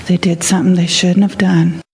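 A woman's voice: lowish voice, level tone, a little fast, gravelly, a little mellow. Older woman, children's sermon storytelling, questioning, echoey church hall.

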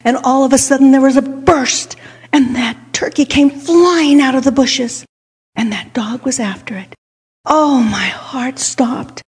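Husky older woman telling a story. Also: high-pitched, moderate pace. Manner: animated, drops to hushed whispers for suspense. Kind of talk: dramatic storytelling with a lesson. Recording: long hall reverb.

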